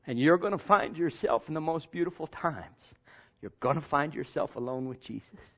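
A male pastor preaching a sermon in a conversational way, repeating himself and jumping from hushed asides to loud bursts. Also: a little high, expressive, moderate pace. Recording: dull lo-fi sermon recording.

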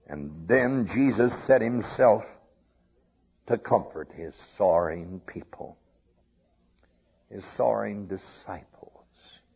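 A man's voice: fairly low pitch, creaky, darkish tone, husky. A man preaching a sermon, quoting scripture and rising to emphatic peaks. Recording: dull lo-fi recording.

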